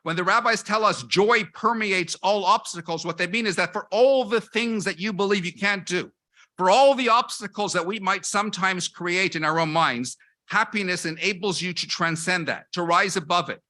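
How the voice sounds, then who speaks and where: A middle-aged man, a rabbi, giving a lecture in a measured way, asking rhetorical questions and building his points in lists. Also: high voice, sharp tone. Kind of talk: lecture with anecdotes.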